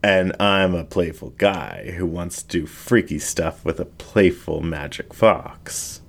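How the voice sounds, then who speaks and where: A bold, grinning male dingo who talks in an easygoing, teasing way, voiced by a male reader. His voice is deep and low-set, close to the reader's own. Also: expressive, slow pace, gravelly, full character voice. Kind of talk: audiobook story reading.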